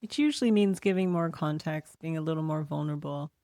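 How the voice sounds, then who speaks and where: A woman with a mid-pitched, gravelly voice, talking on a podcast as co-host. She asks probing questions and lays out her points in a thoughtful way. The recording is close and dry. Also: fairly quick, warm tone, no room sound. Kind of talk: casual podcast conversation.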